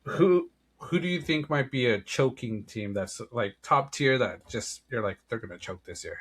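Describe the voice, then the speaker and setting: A man's voice: mid-range voice, lively intonation, moderate pace, fairly bright tone. A man co-hosting a sports podcast, chatting casually about soccer predictions with frequent restarts. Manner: easygoing, frequent "yeah" and restarts. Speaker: podcast co-host.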